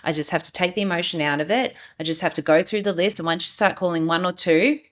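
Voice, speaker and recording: A woman's voice: fairly low pitch, quick pace, a bit bright. A woman, co-hosting a business podcast, blunt and practical, swearing in passing. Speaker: podcast co-host, business owner. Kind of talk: casual podcast chat.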